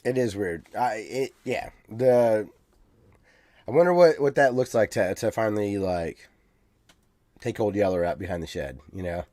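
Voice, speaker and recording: A man's voice: fairly low pitch, lively intonation, moderate pace, warm tone, no room sound. A man co-hosting a casual podcast, hesitant and full of restarts, growing enthusiastic about things he likes. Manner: hesitant, restarts often, then gets enthusiastic. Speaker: podcast co-host. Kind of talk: casual chat.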